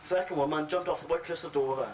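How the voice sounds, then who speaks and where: A man telling crude pub jokes in a deadpan storytelling way, slipping into voices for his characters. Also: a little high, quick pace. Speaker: joke teller. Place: social club gathering. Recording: distant room recording with crowd noise.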